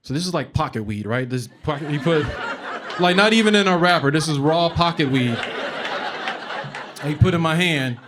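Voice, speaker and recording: Man, live storyteller, slightly high voice, chatty, laughing, casual swearing. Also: normal speed, long pauses, background noise. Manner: conversational, comic, laughing through the telling; swearing, animated retelling. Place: live event before an audience.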